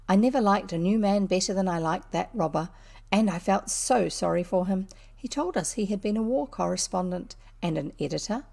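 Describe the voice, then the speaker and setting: A woman reading an old children's novel aloud, unhurried and lively, now and then tripping over a word. Her voice sits in a middle pitch with a gravelly, creaky texture. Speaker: audiobook reader. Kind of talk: storybook narration.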